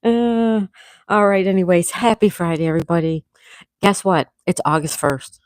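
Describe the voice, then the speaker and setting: A woman hosting a casual live chat, greeting viewers by name and gently scolding her dog, with a sore throat coming on. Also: on the low side, fairly even intonation, normal speed, no echo, studio quality. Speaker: livestream host.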